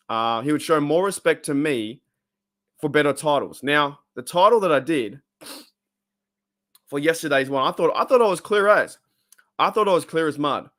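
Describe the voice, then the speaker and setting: A man's voice: a little high, fairly bright tone. A man hosting a live fan stream, rambling and fired up while he chats with viewers. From Australia. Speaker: fan channel host.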